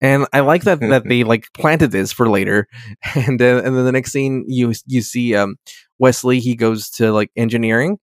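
A man's voice: mid-range voice, moderate pace, no room sound, clean studio sound. A man in his thirties in casual podcast chat, rambling and swearing as he recaps a TV episode and acts out the characters' lines. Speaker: podcast co-host.

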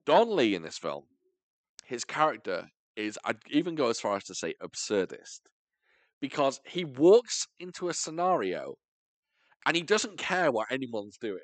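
A man's voice: medium pitch, big pitch swings, a little slow, no echo. A man hosting a podcast, chatting casually and with enthusiasm about a film, with rambling asides. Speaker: podcast host. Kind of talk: casual film review chat.

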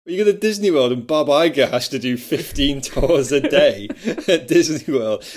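A man talks through films with his podcast co-host in relaxed, chatty conversation. His voice sits in a middle pitch, and he laughs easily as he goes. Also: normal speed. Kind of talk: casual film discussion.

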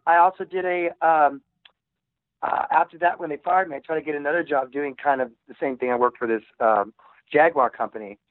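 A man's voice: on the high side, steady tone, fairly quick, no room sound. A man who plays rock music, telling stories in a casual interview, rambling with many restarts. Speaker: musician guest. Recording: tinny phone line.

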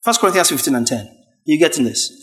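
A man preaching a sermon, emphatic and repetitive, rising to shouts at his peaks. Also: a little high, very animated, fast talker. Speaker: pastor.

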